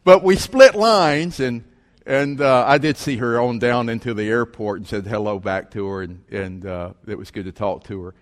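A man preaching, telling a story in an animated way and acting out the voices of the people in it. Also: medium pitch, moderate pace. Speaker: pastor. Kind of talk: sermon storytelling. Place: church sanctuary. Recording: long reverb of a large hall.

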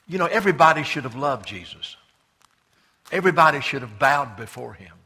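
A man preaching a sermon as pastor, swinging between loud passionate cries and hushed, slow scripture reading. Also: medium pitch, breathy edge, in a large hall. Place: church sanctuary.

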